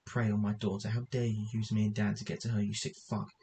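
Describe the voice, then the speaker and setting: A furious mother hurls accusations in a storybook reading, voiced by a man. The voice stays low and flat, read plainly rather than acted, with a faint hiss under it. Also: fast, lightly acted. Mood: furious accusing. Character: enraged mother confronting a predator.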